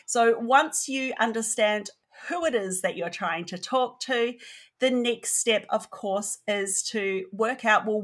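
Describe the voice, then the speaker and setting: A woman's voice: medium pitch, a bit bright. A woman hosting a marketing podcast, reading a polished intro and laughing off slips in casual chat. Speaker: podcast host.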